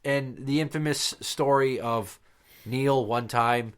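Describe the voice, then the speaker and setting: A man in casual podcast banter who tells crude, profane stories about his past. He slips into the voices of the people in them, pitching up and down as he acts them out. His speaking voice sits in a middle register. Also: takes it slowly, smooth. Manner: profane storyteller, acts out voices mid-story. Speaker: podcast co-host.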